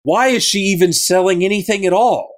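A man chatting casually on a gaming podcast, retelling a story with animated, joking energy. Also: high voice, brisk. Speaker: podcast co-host recapping a game.

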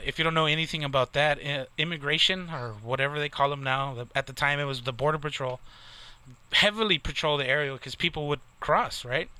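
A man's voice: on the high side, pushed and bright, smooth. Swearing Texan man telling a story. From Texas, near the Mexican border. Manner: profane, rambling, lots of "like" and "right?". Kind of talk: casual storytelling.

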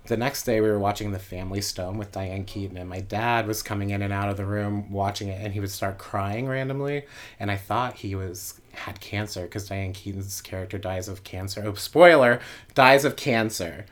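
A man's voice: fairly low pitch, brisk. A man in his late twenties casually telling a personal story, rambling with lots of asides. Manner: rambling, full of fillers and asides. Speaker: guest storyteller.

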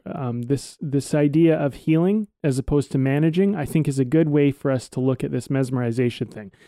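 A man co-hosting a casual podcast, rambling and relaxed, swearing now and then. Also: a little high, no echo, clean studio sound. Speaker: podcast co-host.

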